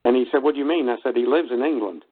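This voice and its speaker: A man with a mid-range voice calls in to a talk show and retells a story in a lively way. He chuckles and acts out the quotes as he goes. His voice comes through a narrow, tinny phone line. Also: medium pitch, very fast, slightly rough. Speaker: caller. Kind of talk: casual storytelling on a call-in show.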